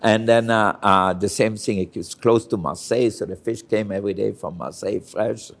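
In a storytelling interview, an older chef from Austria speaks at normal speed in a lowish voice, sharing candid anecdotes and voicing the people he describes.

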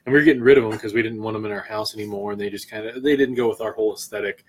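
Husky-voiced man telling stories casually. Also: lowish voice, steady tone, very fast. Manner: laid-back storyteller, frequent swearing. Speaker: podcast co-host. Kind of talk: casual beer-tasting chat.

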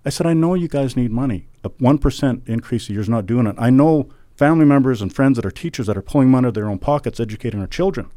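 A man's voice: medium pitch, expressive, fast talker, hardly any pauses, dark tone, no room sound, studio quality. A middle-aged man from Canada, talking emphatically in a podcast interview, repeating words and building to fervent outbursts. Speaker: guest, former election candidate. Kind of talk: podcast interview, impassioned political talk.

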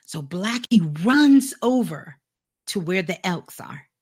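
A woman's voice: medium pitch, lively intonation, slow, darkish tone, slightly rough. A woman host telling an animal story in a casual, conversational way.

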